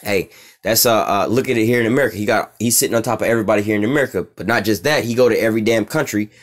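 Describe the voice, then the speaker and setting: Here a man with a lowish voice plays a religious teacher, drawing out each verse and adding casual, foul-mouthed commentary while asking "all right?" again and again.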